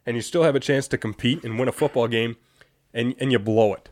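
A young man hosting a casual sports talk show, animated and exasperated, often laughing. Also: mid-range voice, brisk. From Wisconsin. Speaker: sports podcast host.

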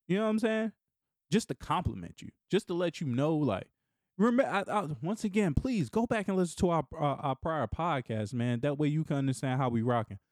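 A middle-aged man hosting a casual solo podcast, animated and often laughing, dropping into low murmurs and jumping into excited high bursts. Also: no echo, clean studio sound. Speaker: podcast host.

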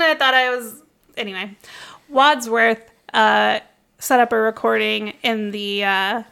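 A young woman with a bright, high-leaning voice recapping a film with a friend in loose, giggly podcast chat. She rattles along quickly, excited and breaking into laughter between points. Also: clear, resonant tone. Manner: fast, excitable, laughs often. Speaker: podcast host.

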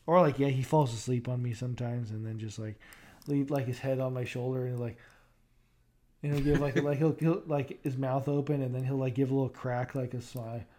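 A man's voice: medium pitch, steady tone, a little fast, warm tone. A young man co-hosting a podcast in casual chat, rambling with lots of fillers and restarts. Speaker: podcast co-host.

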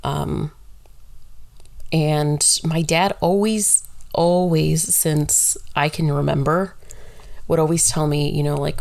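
Low-voiced woman with heavy vocal fry, just rambling candid and cursing a bit. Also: steady tone, slow, pauses often, a little mellow, no echo. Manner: candid and rambling, swears freely. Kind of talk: casual solo monologue.

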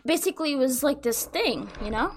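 Young woman rambling on a podcast, kinda high voice, swears a lot, faint music under it. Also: a little fast. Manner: rambling, animated storytelling with swearing. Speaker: podcast host. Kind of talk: casual chat.

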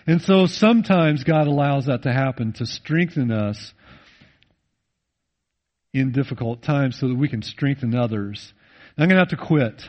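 A male pastor preaching a sermon, swinging between loud emphatic rises and low, intimate drops, and slowing down to read scripture. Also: dull audio. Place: church.

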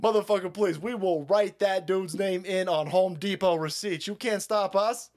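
This livestream host, speaking at normal speed with a mid-range, darkish voice, launches into a political rant. Viewer comments get read out and ridiculed, laced with plenty of swearing.

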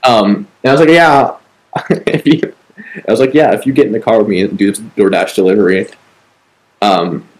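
Low-voiced man telling a rambling story. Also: steady tone, fast talker, darkish tone, low-quality recording. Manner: rambling, profane, heavy on fillers. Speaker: podcast co-host. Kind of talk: casual storytelling.

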